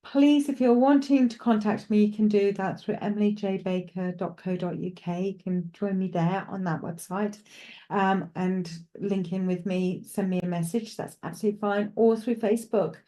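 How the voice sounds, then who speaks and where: A woman's voice: medium pitch, steady tone, moderate pace, warm tone. A woman with a Welsh accent presenting live psychic readings, talking reassuringly and chattily to a caller.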